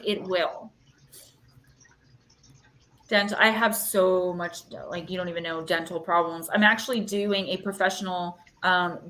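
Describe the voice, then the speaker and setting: A woman's voice: medium pitch, a bit bright. Rambly woman doing a live card reading, chatty, little echoey room. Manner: chatty and rambling, fillers, emotional. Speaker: intuitive card reader.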